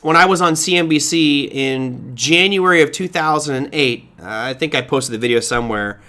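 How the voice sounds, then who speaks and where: Animated, high-pitched man on live markets stream. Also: normal speed. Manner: conversational, animated, rhetorical questions, frequent restarts. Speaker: market analyst host answering viewer questions.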